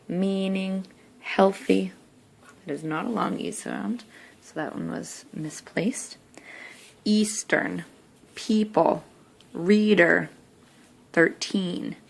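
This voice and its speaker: Woman teacher with a gravelly low voice. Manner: slow, clear word-by-word demonstration. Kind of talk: recorded spelling lesson.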